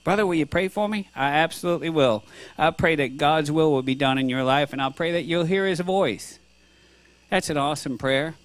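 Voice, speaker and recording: A man's voice: on the high side, moderate pace, clean tone, no room sound. A man preaching a sermon to a congregation, earnest and conversational, with frequent restarts. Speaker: pastor.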